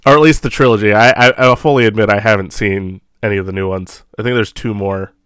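A man's voice: fairly low pitch, steady tone, fast, fairly bright tone, clear, resonant tone, no room sound. A young man co-hosting a movie podcast, rambling and laughing in casual chat. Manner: giggly, rambling, enthusiastic. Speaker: podcast co-host.

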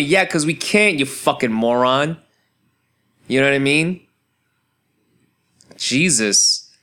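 A man from New York rambling in a casual, profane monologue, animated and full of restarts and rhetorical asides. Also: fairly high pitch. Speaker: solo commentator.

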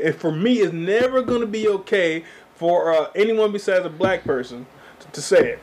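A man's voice: sits high, expressive, brisk. A man co-hosting a podcast in casual chat, blunt, emphatic and opinionated. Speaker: podcast co-host.

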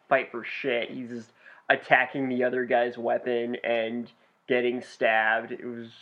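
Laid-back, dry young podcast co-host. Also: male voice, medium pitch, a bit bright. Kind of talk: casual chat. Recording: dull lo-fi podcast recording.

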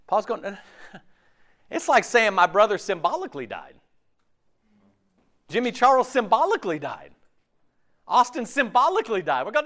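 A man preaching a sermon in a conversational, animated way, often acting out imagined voices. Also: sits high, a little slow, long pauses.

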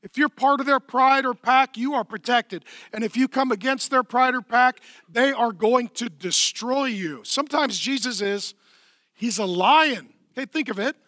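A middle-aged man preaching a lively, playful sermon in a church, swinging from hushed tones to shouting. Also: very high voice, moderate pace, dry recording, studio quality. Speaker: pastor. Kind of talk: energetic comedic sermon.

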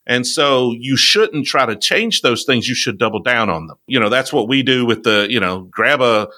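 Man, Southern accent, slow drawl, bright tone, dry close sound, casual host. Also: mid-range voice, animated, no room sound. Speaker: podcast host. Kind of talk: casual conversation.

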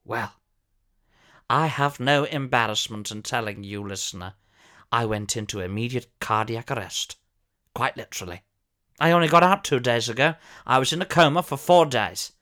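A man's voice: medium pitch, moderate pace, pushed and bright, close to an everyday voice. A man playing a pompous, posh older former soap actor who tells a comic monologue in a plummy, theatrical voice with sudden shrieks.

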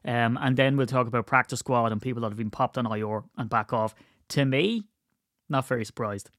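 A man's voice: medium pitch, fairly quick, a bit bright, no echo, clean studio sound. A man, hosting a casual solo podcast in a rambling, playful way and now and then putting on voices. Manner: rambling, playful storyteller who breaks into put-on voices. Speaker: podcast host.

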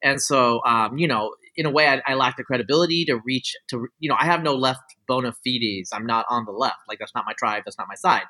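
A man's voice: medium pitch, fairly quick, hardly any pauses, sharp tone. A man talking as a guest scientist in a casual interview, rambling and opinionated, full of fillers. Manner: rambling, heavy on "like" and "you know" fillers; opinionated, explaining his views at length.

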